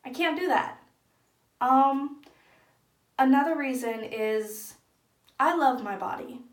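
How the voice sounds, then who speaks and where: A young woman talking openly and earnestly to camera in a personal vlog. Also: high voice. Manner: earnest, open and soft-spoken. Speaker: vlogger. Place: echoey room at home. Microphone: camera in front of speaker. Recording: echoey room.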